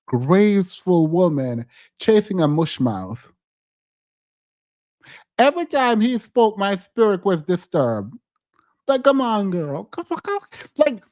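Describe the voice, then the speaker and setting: High-voiced man giving emphatic commentary. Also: darkish tone, dry recording. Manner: emphatic and opinionated, laughs often. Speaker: podcast host. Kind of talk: casual reality-TV commentary.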